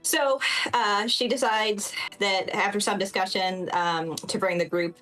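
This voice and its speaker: A woman's voice: mid-range voice, fairly even intonation, a little slow, a bit bright, faint music behind, low-quality recording. A woman giving a chatty, laughing recap of a tabletop game session, with many fillers.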